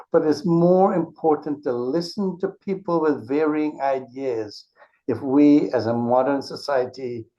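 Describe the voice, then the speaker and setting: Man explaining in measured tones. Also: fairly high pitch, warm tone. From Caribbean. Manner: measured, explanatory, with frequent restarts. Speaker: author and interview guest. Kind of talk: conversational interview. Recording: dull lo-fi interview audio.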